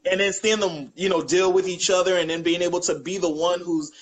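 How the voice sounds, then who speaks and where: Young guy w/ high voice, animated storyteller on a chat show, laughs into his quotes. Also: a little fast, poor audio. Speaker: guest. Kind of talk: casual chat.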